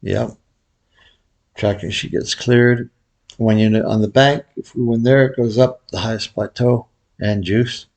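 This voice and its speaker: A man hosting a gambling video, calling out his bets in a relaxed, muttered running commentary to viewers. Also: mid-range voice, a little slow. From Vegas pro. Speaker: baccarat video host. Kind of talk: casual play-by-play of bets.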